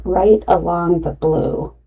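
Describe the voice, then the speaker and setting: A woman's voice: fairly low pitch, steady tone, slow, vocal fry, breathy edge, recorded from a distance, narrow, tinny audio. A middle-aged woman running a live craft tutorial, chatty and talking herself through each cut. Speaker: craft demonstrator.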